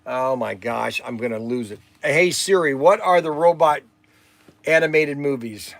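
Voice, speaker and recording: A man's voice: mid-range voice, lively intonation, measured pace, creaky, a bit bright, no echo. An older man hosting a livestream, rambling and exasperated, sighing while he chats. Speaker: livestream host.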